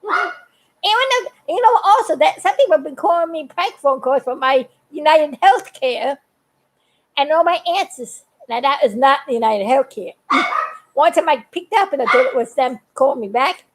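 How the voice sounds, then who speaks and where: A woman's voice: high-pitched, rough recording. An older woman chatting on a live video, talkative and earnest, laughing often as she gives warnings. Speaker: vlogger. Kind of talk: casual live video chat.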